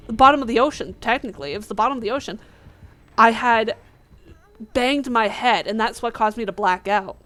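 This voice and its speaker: A woman hosting a gaming video, telling a personal story in a casual, animated way and acting out her own past lines. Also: on the high side. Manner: animated, acts out her past self in quotes. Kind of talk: casual storytelling over gameplay.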